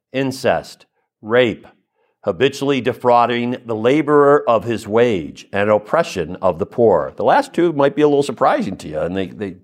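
A man giving a conversational religious teaching, addressing listeners directly with frequent asides and checks like "okay?". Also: lowish voice. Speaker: Catholic teacher or preacher. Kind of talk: spoken teaching talk.

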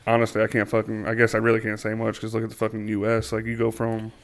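A man's voice: fairly low pitch, completely flat delivery, fast. Rambling profane man. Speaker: podcast co-host. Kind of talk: casual chat.

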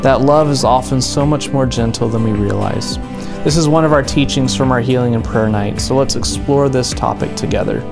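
A man, a pastor, introduces a recorded sermon in a calm, measured way, reading scripture slowly. Plucked guitar music plays clearly underneath his voice. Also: mid-range voice.

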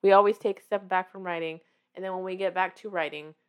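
A woman author hosting her own show gives a casual motivational talk, speaking warmly and encouragingly straight to the listener and acting out her own reactions as she tells her story. Her voice sits on the low side, clear and resonant, with fairly even intonation and a quick pace.

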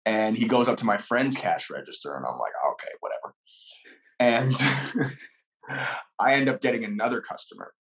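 A man with a middle-pitched, everyday voice tells a story in an easy, casual way. He laughs often and acts out the quoted lines as he goes. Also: expressive, moderate pace, fairly bright tone. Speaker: guest.

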